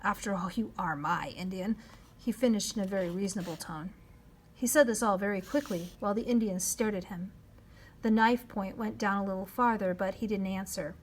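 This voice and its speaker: A woman narrating a children's novel in a measured storytelling voice, dropping to a hush at times. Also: medium pitch, a little hiss or hum. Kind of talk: reading a children's novel aloud.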